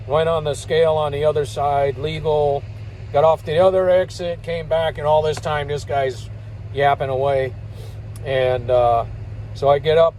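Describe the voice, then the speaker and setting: A man's voice: on the high side, a little mellow, a little hiss or hum, poor audio. An older man, a truck driver, telling stories in a rambling, folksy way and chuckling between remarks. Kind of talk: casual spoken storytelling.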